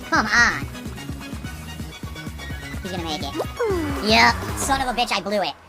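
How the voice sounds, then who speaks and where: A woman streamer playing a game live, excitable, yelping and swearing as she reacts. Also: medium pitch, measured pace, over music.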